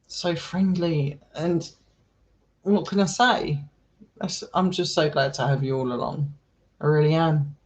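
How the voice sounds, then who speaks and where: Chatty man with a higher voice. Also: steady tone, a little slow. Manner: chatty and affectionate, calls viewers darling and sweetheart. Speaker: live streamer and paranormal explorer. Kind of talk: casual live stream chat with viewers.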